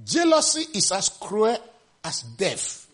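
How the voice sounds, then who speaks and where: A man preaching a sermon with passion, shouting refrains and acting out the scripture quotes. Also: wildly swooping pitch, slow pace, breathy edge. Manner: acts out quotes with sudden pitch jumps.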